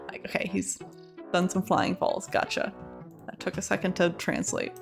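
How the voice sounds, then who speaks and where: A woman's voice: lowish voice, steady tone, normal speed, vocal fry, faint music behind. Woman with wry gaming asides. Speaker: let's play host. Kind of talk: casual game commentary.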